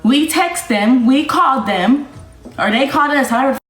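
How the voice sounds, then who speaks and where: A woman's voice: high-pitched, normal speed, fairly bright tone. A young woman streamer, ranting bluntly and defiantly, swearing and repeating herself. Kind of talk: livestream rant. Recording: echoey room with faint music.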